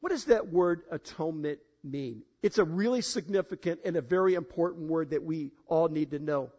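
A man preaching a sermon to a congregation, emphatic, swinging between loud declarations and quiet asides, asking for a show of hands. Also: fairly high pitch, normal speed. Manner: addresses congregation directly, asks for show of hands. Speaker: pastor. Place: church in front of a congregation. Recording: dull, lo-fi sound.

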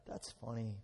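A middle-aged man preaching a lively sermon, swinging between loud and hushed, acting out bits of dialogue.

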